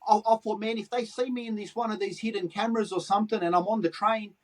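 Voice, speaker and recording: A man's voice: high voice, fast talker. A middle-aged Australian man with a Sydney accent, telling swear-laden street stories in a casual interview. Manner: swears freely, animated anecdotes in street slang. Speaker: guest, graffiti artist.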